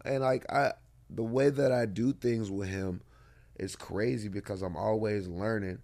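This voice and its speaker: A man's voice: on the low side, fairly even intonation, a little slow, creaky, a little mellow. A man in his thirties, a guest in an interview, telling stories in a laid-back, drawling way and swearing freely. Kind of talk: casual storytelling.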